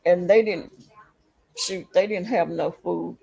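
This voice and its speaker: A woman hosts a casual livestream chat in an unhurried, gravelly voice. She rambles through her story at an easy pace and keeps stopping to greet her viewers. Her tone is a little husky. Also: fairly low pitch, steady tone, a little mellow, low-quality recording. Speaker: livestream host.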